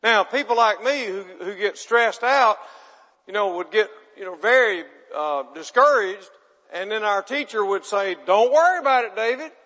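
A man with a drawl delivers a homespun sermon in a high voice. He is chatty and self-deprecating and keeps checking in with the congregation. His voice carries a long, lingering reverb from a large hall. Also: unhurried, sharp tone. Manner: chatty, asks the audience questions, self-deprecating. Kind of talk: folksy sermon with audience banter.

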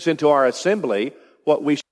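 A man's voice: a little high, expressive, normal speed, darkish tone. Emphatic male preacher in a reverberant hall. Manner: emphatic, building to rising declarations. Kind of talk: expository sermon.

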